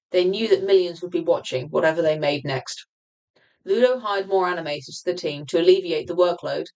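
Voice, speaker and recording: A woman reading her own nonfiction book aloud on a livestream, in a measured, explanatory way with occasional restarts. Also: lowish voice, a little mellow, low-quality recording.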